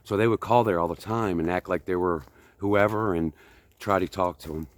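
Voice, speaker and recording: A man in his fifties talks as he hikes outdoors, wandering from one thought to the next in a chatty, self-deprecating way. His voice sits a little low, and he sounds slightly out of breath from walking. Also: moderate pace, no echo. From United States. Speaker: vlogger. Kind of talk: casual chat while walking. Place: outdoors on a hike.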